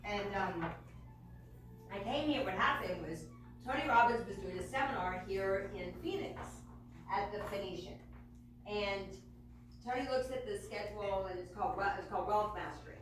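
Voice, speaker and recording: A woman telling a lively story to an audience, acting out the voices of the people in it and laughing often. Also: medium pitch, normal speed, a little hiss or hum. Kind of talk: animated storytelling on stage. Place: event hall with live audience. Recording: echoey hall from far off with music.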